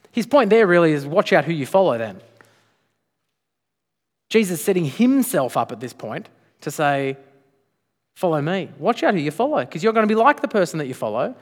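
A man preaching to his congregation in a church sanctuary, his voice sitting slightly high for a man. He presses his points hard and keeps tossing rhetorical questions back at the listeners. The sound carries a long reverb tail from the large room. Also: sing-song, moderate pace, pauses often. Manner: emphatic, with frequent rhetorical questions. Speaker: pastor. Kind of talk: sermon.

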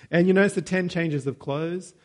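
A man's voice: high-pitched, takes it slowly, darkish tone. A man preaching a sermon in a conversational way, with joking asides and self-corrections.

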